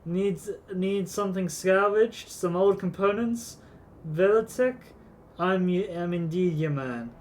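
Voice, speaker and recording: A man reading as a gruff old junk trader. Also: high voice, a little hiss or hum, pitched above the performer's own voice. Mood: folksy. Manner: slow, halting delivery. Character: gruff but well-meaning old male junk trader.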